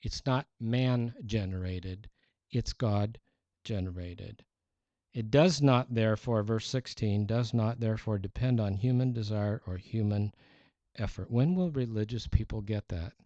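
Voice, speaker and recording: Animated male pastor preaching. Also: lowish voice, measured pace, no echo. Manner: animated, conversational, with playful exaggeration. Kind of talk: sermon. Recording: dull, dry sound.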